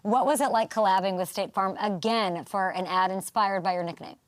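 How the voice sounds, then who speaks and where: A woman's voice: medium pitch, a little fast. A woman in her thirties hosting a sports talk show, bubbly and chatty, laughing often as she interviews a guest. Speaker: host.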